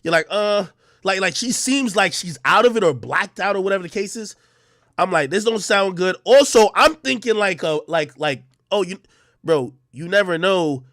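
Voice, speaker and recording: A man's voice: high voice, expressive, moderate pace, a bit bright, no room sound, clean studio sound. A man streaming live, telling a story to his chat in casual, profane slang and acting out the dialogue.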